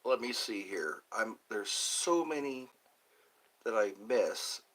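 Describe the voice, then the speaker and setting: An older man hosting a live stream, chatting casually with viewers in a rambling, playful way and slowly sounding out their names. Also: fairly low pitch, animated, fairly bright tone, low-quality recording.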